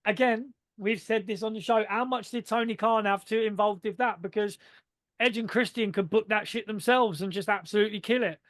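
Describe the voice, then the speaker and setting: A man talking in a casual podcast chat. He speaks in an animated way, swears freely, and uses a lot of fillers. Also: high-pitched, fairly quick, dry recording, clean studio sound. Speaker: podcast co-host.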